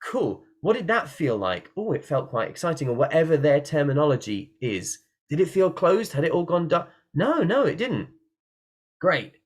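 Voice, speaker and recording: A man's voice: a little high, very animated, moderate pace. Playful man teaching singing, demonstrating. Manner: playful, demonstrates with sung and yelled examples. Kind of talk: online workshop talk. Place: room at a computer by a window.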